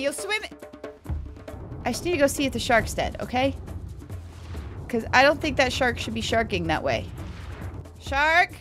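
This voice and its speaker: A young woman giving casual let's play commentary, excitable, chatting to the animals and swearing, with sudden loud outbursts. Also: on the high side, normal speed, pauses often. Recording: game music playing behind the voice.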